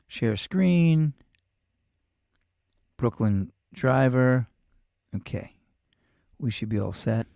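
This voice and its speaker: A man's voice: mid-range voice, lively intonation, drawn-out words, vocal fry, long pauses, dark tone, dry recording, clean studio sound. A male show host with a New York accent, rambling through a profane, casual monologue full of restarts.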